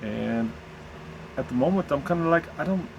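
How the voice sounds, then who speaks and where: Halting man with a Southern drawl. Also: fairly high pitch, animated, creaky, muffled recording, noisy background. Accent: American Southern. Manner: halting, searching, with many restarts. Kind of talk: candid personal vlog.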